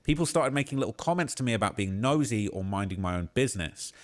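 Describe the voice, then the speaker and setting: Male streamer with a low voice, reading a post aloud at a steady pace, prone to shocked outbursts. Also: fast talker. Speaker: livestream host.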